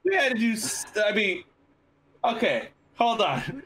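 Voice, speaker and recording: A man's voice: sits high, unhurried, background noise. A man co-hosting a casual podcast, telling funny stories and acting out the people in them. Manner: animated, acts out quoted voices while telling stories. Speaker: podcast co-host. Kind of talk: casual chat, storytelling.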